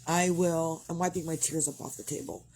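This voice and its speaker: A woman's voice: low-pitched, steady tone, fairly quick, a little mellow, slight background noise. A middle-aged woman, talking frankly in a rambling, casual monologue and swearing freely. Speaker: vlogger.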